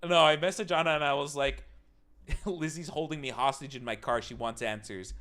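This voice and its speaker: A young man streaming to his live chat, telling a story in a casual, swearing way and breaking into loud mock panic. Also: on the high side, fairly even intonation, moderate pace.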